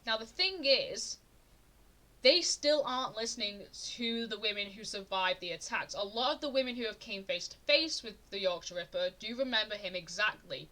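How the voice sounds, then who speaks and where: Bright-voiced young woman streamer, chatty. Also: mid-range voice, lively intonation, normal speed. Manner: chatty, indignant, with frequent restarts and rising emphasis. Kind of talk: casual true-crime storytelling on a live stream.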